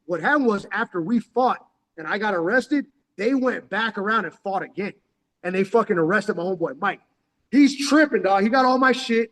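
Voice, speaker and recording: A man in his forties from San Diego, telling stories in casual chat, full of street slang and acted-out quotes. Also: sits high. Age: 40s. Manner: street slang, keeps saying "dog", animated retelling with acted-out quotes. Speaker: storyteller.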